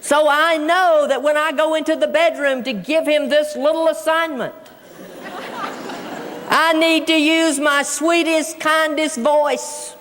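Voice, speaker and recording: A woman's voice: sits high, fairly even intonation, slow, a bit bright, a faint crowd, slight background noise. A woman giving a humorous storytelling speech to a large audience. She talks folksy and keeps addressing them as folks. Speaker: keynote speaker. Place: large auditorium. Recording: long hall reverb.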